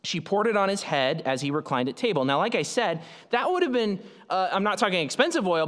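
A man's voice: fairly high pitch, fairly bright tone. Man preaching in an echoing hall. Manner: conversational, explanatory, frequent fillers and restarts. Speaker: pastor. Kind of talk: sermon.

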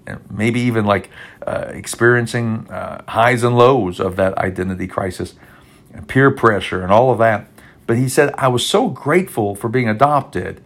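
A man preaching a podcast sermon, heartfelt and rambling with many restarts, audibly emotional and near tears. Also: mid-range voice. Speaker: pastor.

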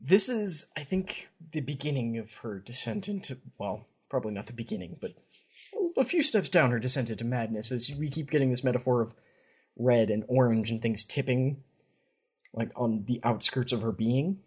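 A man's voice: mid-range voice, expressive, normal speed, slightly rough. A man hosting a podcast, casually retelling fantasy stories in a chatty way and reading passages aloud. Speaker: podcast host. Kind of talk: casual story recap.

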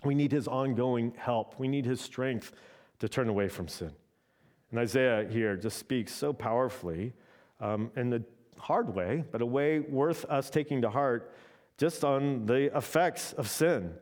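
A man's voice: mid-range voice, a little slow, darkish tone. Conversational male preacher, "right?" asides. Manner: conversational, often adds "right?". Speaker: pastor. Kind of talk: sermon.

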